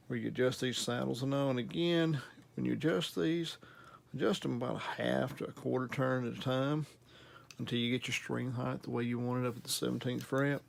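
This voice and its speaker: A man's voice: medium pitch, fairly even intonation, fairly quick, gravelly. A man with a Southern US accent, host of a guitar repair channel, explaining a guitar setup in a casual, easygoing, folksy way. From Southern United States. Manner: easygoing, folksy and self-deprecating. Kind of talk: casual instructional demo.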